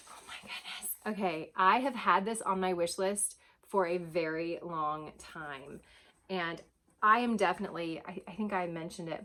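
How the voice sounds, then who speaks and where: A woman chatting casually as she unboxes a gift at home, gushing, breathy and often dropping to soft whispers. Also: medium pitch, slight background noise. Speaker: vlogger unboxing a gift box.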